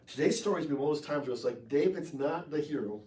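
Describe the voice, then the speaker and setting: Animated American pastor in a roomy church. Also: male voice, on the high side, quick pace. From United States. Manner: conversational, animated preaching with jokes. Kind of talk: sermon. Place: church sanctuary. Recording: echoey room, voice from far off the mic.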